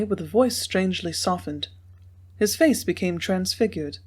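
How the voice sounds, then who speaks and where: A woman narrating a classic Western novel in a measured reading style. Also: fairly low pitch. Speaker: audiobook narrator. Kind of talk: scripted narration.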